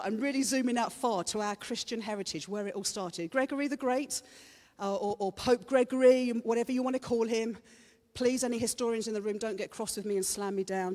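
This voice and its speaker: Woman preacher, high pitched, playful sermon, live hall echo. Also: a little mellow. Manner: chatty, playful, teases the congregation. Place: church hall. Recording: reverberant hall.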